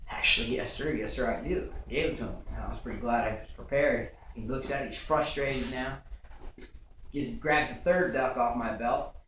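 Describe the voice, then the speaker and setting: A man's voice: medium pitch, moderate pace, a bit bright. A young male comedian works through a stand-up set, rambling his way through stories with plenty of fillers and restarts. He sounds far from the mic, and his voice rings through a very echoey room. A faint hiss of room ambience sits underneath. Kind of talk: stand-up routine. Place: comedy stage. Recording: rough, echoey club recording from far off.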